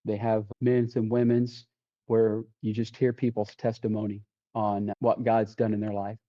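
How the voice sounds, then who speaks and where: A man with a warm, mellow voice tells his faith testimony as a podcast guest. He acts out what people said in quoted lines and often restarts mid-sentence. The sound is dull and lo-fi. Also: lowish voice, monotone, normal speed. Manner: vivid retelling with quoted dialogue and frequent restarts. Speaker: deputy sheriff and podcast guest. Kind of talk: testimony storytelling.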